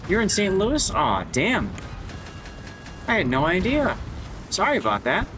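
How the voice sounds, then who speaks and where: A man's voice: sits high, wildly swooping pitch, unhurried, noisy background. A man streaming a game live, chatting casually and joking with his viewers. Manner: chatty, jokey, greets chat. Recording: game gunfire sounds behind.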